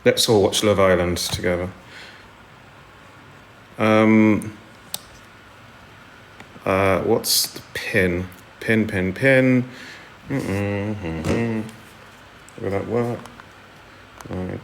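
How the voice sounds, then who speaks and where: A man's voice: lowish voice, a little hiss or hum. A man chatting casually on a live stream from home, rambling and self-deprecating as he answers viewers' comments into his phone. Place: indoors at home.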